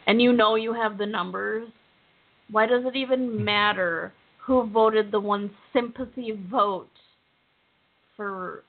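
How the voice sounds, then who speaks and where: Slow, gravelly woman, blunt co-host. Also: medium pitch. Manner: blunt, dismissive. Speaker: podcast co-host. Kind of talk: casual chat recapping a reality show. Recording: tinny phone-like line.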